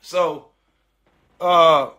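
A middle-aged man hosting a podcast, telling a story casually in animated, profane slang and repeating his phrases. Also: fairly high pitch, very slow. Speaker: podcast host.

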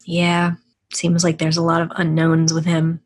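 Husky woman chatting, laughing often. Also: low voice, monotone, unhurried. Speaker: podcast co-host. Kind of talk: casual chat.

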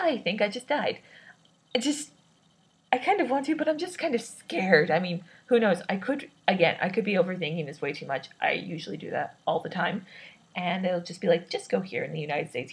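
A woman's voice: lowish voice, breathy edge, poor audio. A woman in her twenties talking through her worries in a rambling personal vlog, hesitant and self-doubting, with many restarts. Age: 20s. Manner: self-described awkward and introverted. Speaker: vlogger.

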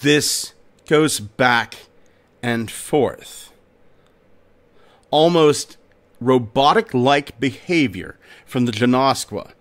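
A male podcast host narrates a folk tale with dramatic, expressive storytelling. His pitch moves in lively swoops while he keeps an unhurried, deliberate pace.

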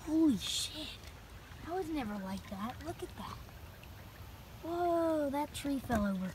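A woman's voice: high voice, lively intonation, unhurried, noisy background. A woman vlogging alone as she walks a wooded trail, jumpy and swearing often, recorded on a handheld phone. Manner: jumpy, swears often, mutters half under her breath. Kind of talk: nervous solo walking vlog. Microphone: phone held in hand.

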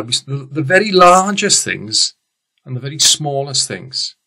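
A man's voice: medium pitch, pushed and bright. A man with a Welsh accent, a teacher giving a recorded science lesson in a chatty, rambling way and often restarting his sentences. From Wales. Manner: chatty, rambling, self-correcting.

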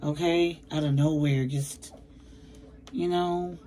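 Tarot reader, woman, low deep-set voice, slangy and emphatic, reading to camera from her bedroom. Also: steady tone, takes it slowly, dark tone, poor audio. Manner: chatty, slangy, emphatic, addresses viewers as baby. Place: bedroom at home.

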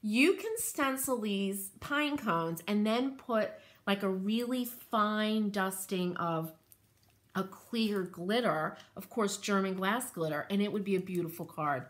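A woman's voice: medium pitch, takes it slowly. A woman hosting a craft channel, chatting casually and gushing with enthusiasm while rambling through asides. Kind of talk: casual show-and-tell chat.

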